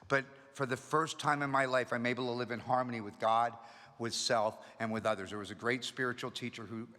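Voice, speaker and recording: Brisk and forceful, a middle-aged man at medium pitch recounts his story at a recovery meeting, keeping it energetic and humorous. His bright tone stays fairly even in intonation, ringing through a hall's long reverb.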